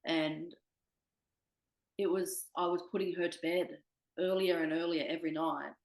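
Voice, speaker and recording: Low, gravelly woman speaking candidly. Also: steady tone, measured pace, reverberant, low-quality recording. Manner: candid, swears freely, quotes herself. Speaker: interview guest. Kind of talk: candid personal conversation.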